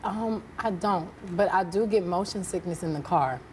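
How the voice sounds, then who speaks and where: A young woman in her twenties, a singer guest on a talk show, soft-spoken and giggly. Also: lowish voice, normal speed. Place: TV studio with live audience. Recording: studio audience and noise behind.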